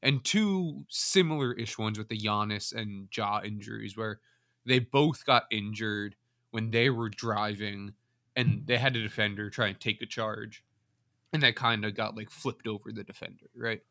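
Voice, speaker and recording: Dude with a bright punchy voice telling a dumb story on a podcast, dry mic. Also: male voice, lowish voice, normal speed, no echo. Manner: animated storyteller, acts out quotes. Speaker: podcast co-host. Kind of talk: casual storytelling chat.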